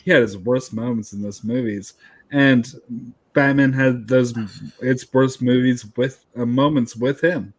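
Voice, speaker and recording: A man's voice: mid-range voice, fairly even intonation, measured pace. A man in a casual podcast discussion, blunt and opinionated, swearing casually. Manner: blunt, offers hot takes, swears casually.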